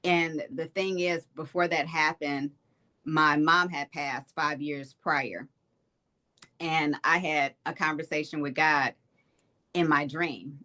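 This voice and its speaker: A woman's voice: deep voice, steady tone, slow pace, sharp tone. Woman from Detroit, interview guest recounting family loss, earnest and reflective. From Detroit, Michigan. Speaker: state representative, guest. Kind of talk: personal testimony in an interview.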